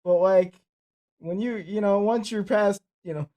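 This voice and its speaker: A man's voice: high voice, measured pace, dull audio. A man hosting a podcast, talking in a laid-back, slangy way. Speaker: podcast host. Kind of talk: casual podcast chat.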